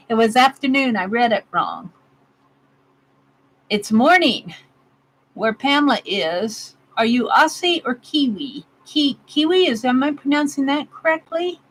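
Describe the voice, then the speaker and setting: A woman in her sixties, with a high, expressive, fairly bright voice, speaks at a measured pace while hosting a casual craft livestream from her home craft room. She's chatty and giggles often, reading out comments and chatting with live viewers. The audio quality is poor.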